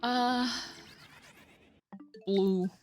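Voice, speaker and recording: A woman in her thirties streaming from home, chatting casually in a rambling, emphatic way with quick laughs and cursing. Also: a little high, steady tone, a little mellow. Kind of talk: casual live-stream chat. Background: faint game music.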